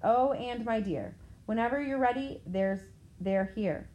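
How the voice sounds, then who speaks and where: A woman's voice: fairly high pitch, natural voice, poor audio. A woman reading as a weary old centaur teacher. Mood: grave. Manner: calm, measured, gently firm.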